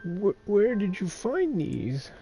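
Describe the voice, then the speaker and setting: A man voicing a grieving, self-loathing teenage girl in a high, halting, pleading voice. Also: very animated, mellow, faint music behind, full character voice. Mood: amazed.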